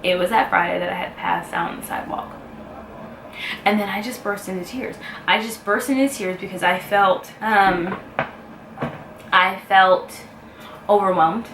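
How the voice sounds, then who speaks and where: A woman speaking to camera in a personal vlog, emotional and heartfelt, pausing often as she talks. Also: mid-range voice, fairly even intonation. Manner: emotional, heartfelt, halting with pauses. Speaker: vlogger. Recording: echoey room with faint ambient noise.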